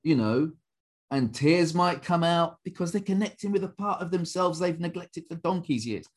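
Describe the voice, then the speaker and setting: A man's voice: a little high, normal speed. A man, a martial arts instructor telling stories in a casual podcast chat, acting out quotes in different voices and laughing often. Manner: animated storyteller, acts out quotes in varied voices, laughs often.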